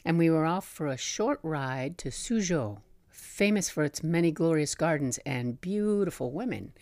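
A woman's voice: sits low, expressive, moderate pace, darkish tone, dry recording. A middle-aged woman hosting a podcast, telling personal travel stories in a chatty way with frequent laughs and asides. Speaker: podcast host. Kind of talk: personal travel memoir storytelling.

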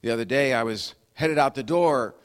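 A man's voice: medium pitch, moderate pace, clear, resonant tone, long reverb tail. A man preaching a sermon, fervent in his appeals and easygoing and self-deprecating in his asides. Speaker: pastor.

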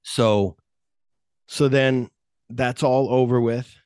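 Man, podcast host, mid pitch, dry close sound, rambling casual retelling. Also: slow pace, smooth, no echo. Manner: rambling, animated plot retelling with acted-out quotes.

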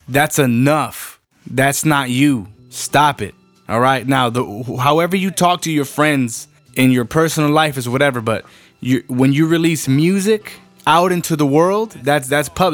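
A young man from ranting bluntly and profanely in casual chat, telling stories with lots of energy. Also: mid-range voice. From Rio Grande Valley, Texas. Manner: blunt, profane, animated storytelling. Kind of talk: casual rant to camera.

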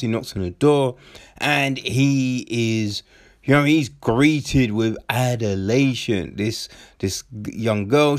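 A man's voice: mid-range voice, no echo, clean studio sound. A man giving a casual, rambling film recap with many fillers and restarts. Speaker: film reviewer.

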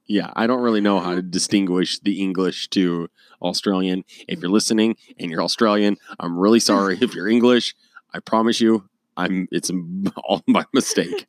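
A young American man with a very low, deep voice chats casually on a podcast, rambling and poking fun at himself. The sound is dry and close, with no room around it. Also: fairly even intonation, moderate pace, no echo. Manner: rambling, joking, self-mocking. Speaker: podcast co-host. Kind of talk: casual chat.

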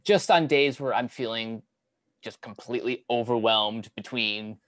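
A young man talking casually on a podcast, halting with many fillers and restarts. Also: medium pitch, fairly bright tone, no echo. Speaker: podcast co-host. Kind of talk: casual chat.

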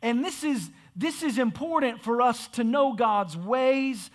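A man's voice: very high voice, unhurried. A man preaching a sermon in a church, emphatic and repetitive. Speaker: pastor. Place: church sanctuary.

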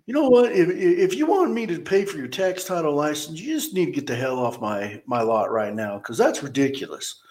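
A man's voice: fairly high pitch, sing-song, moderate pace, few pauses, pitched above the performer's own voice. A man putting on a blustering, angry car lot boss. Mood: angry scolding. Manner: loud, scolding, rude. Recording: roomy echo.

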